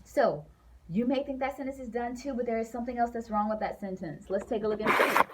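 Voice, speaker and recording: A woman's voice: a little high, quick pace, very noisy. A woman teacher giving a classroom grammar lesson, playful and sing-song, acting out the example sentences.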